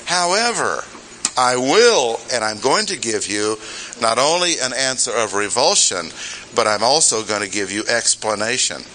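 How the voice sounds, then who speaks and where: A man's voice: medium pitch, expressive, moderate pace, sharp tone, a little hiss or hum, poor audio. A man preaching an expository sermon in a conversational way, with rhetorical questions and humorous asides.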